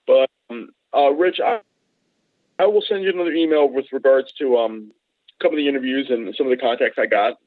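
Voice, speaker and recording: A man's voice: medium pitch, a little fast, no echo. A man in a casual chat on a call, telling rambling stories and acting out the people in them. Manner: rambling, animated, acts out other people in quotes. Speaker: podcast guest. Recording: tinny phone line, dry.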